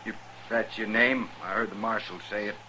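An actor playing a wily prisoner with a sly drawl in a 1950s radio western. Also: male voice, on the low side, steady tone, normal speed, sharp tone, slight background noise, low-quality recording.

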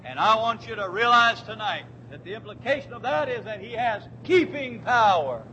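A man preaching a sermon in a church, fervent, swinging from quiet, drawn-out words to shouted declarations. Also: sits high, expressive, a little hiss or hum, rough recording.

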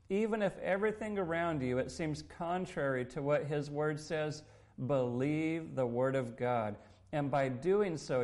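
A man preaching a sermon in an earnest, measured way, quoting scripture. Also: fairly high pitch, darkish tone. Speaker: pastor.

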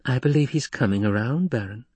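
A man's voice: mid-range voice, a little fast, a little mellow, breathy edge, no room sound, lightly acted. A man voicing a silky, scheming male advisor who hesitates and defers to his lord. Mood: deferential.

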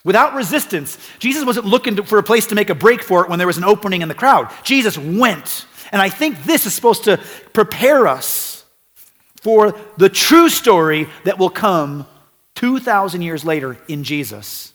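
A man's voice: sits high, animated, moderate pace, a bit bright, big-room sound. A male pastor preaching a sermon in an earnest, conversational way, repeating phrases for emphasis.

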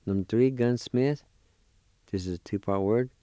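A man hosting a radio language lesson, patiently spelling words and repeating each syllable slowly. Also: on the low side, dark tone, dry recording, clean studio sound. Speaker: language teacher and radio host. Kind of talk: slow spelling and pronunciation lesson. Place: radio studio.

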